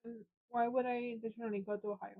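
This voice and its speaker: A woman's voice: a little high, flat delivery, racing. A woman co-hosting a casual live stream, chatty as she reads out viewer comments. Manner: chatty, reads out chat comments with light laughter. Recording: dull lo-fi stream audio.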